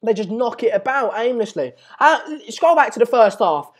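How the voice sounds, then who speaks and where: Ranting football stream host. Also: male voice, very high voice, animated, moderate pace. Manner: ranting, exasperated, repeats himself. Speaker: live match chat host. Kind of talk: live-streamed football chat.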